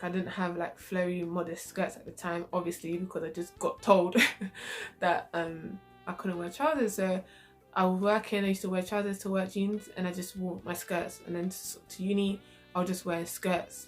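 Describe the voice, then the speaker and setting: A woman's voice: fairly low pitch, moderate pace, soft background music. A young woman telling a casual storytime, acting out her own quoted reactions. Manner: animated, acts out quoted reactions. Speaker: vlogger.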